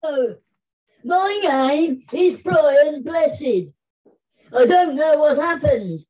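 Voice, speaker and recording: Blustering famous old actor with a squeaky voice, put on by a man, indignant comic rant, lively swooping delivery, unhurried, video call. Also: full character voice, poor audio. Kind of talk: comic spoken-word performance.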